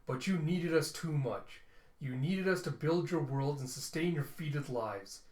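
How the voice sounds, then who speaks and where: A man voicing a menacing machine leader who rallies robots to war, slow and grandiose, in a roomy space. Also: a little high, a little mellow, close to an everyday voice. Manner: slow, grandiose, hateful proclamations. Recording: roomy echo.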